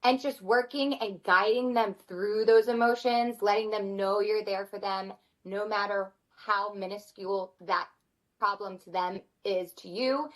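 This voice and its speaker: A woman's voice: medium pitch, a little slow, rough recording. Earnest woman sharing parenting advice. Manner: earnest, animated, acts out her kids' voices. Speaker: podcast guest, mother of four. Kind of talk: conversational interview.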